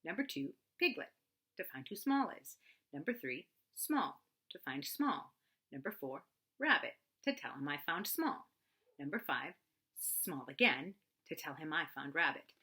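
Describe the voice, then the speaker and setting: A woman storyteller reading a children's book aloud in an expressive, animated way. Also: low voice, unhurried, husky.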